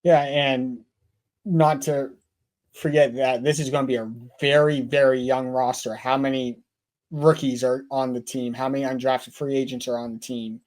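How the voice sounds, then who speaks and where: A man's voice: mid-range voice, flat delivery, normal speed, darkish tone. A man with an ordinary mid-range voice talks sports on a podcast. He argues earnestly and keeps hammering home the same point. His delivery is casual but insistent.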